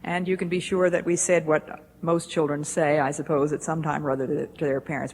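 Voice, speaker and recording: Low-voiced woman giving a devotional talk. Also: little pitch movement, darkish tone. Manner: measured, deliberate storytelling. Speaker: speaker at a Bible institute. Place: lecture hall. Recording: echoey hall with faint hiss, 1980s.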